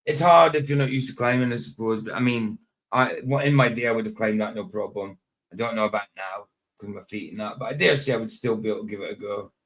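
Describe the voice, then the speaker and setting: A man's voice: on the low side, fast, fairly bright tone. A man hosting a live stream in casual, rambling chat, often chuckling and talking to himself.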